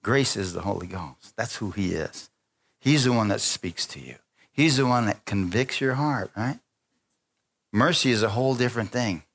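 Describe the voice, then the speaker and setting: A man's voice: lowish voice, normal speed, vocal fry. A man preaching a sermon in a church, telling a story with acted-out voices and frequent laughter, calling on the congregation. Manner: lively storytelling preacher, acting out quoted voices, laughing often. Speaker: pastor. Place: church sanctuary.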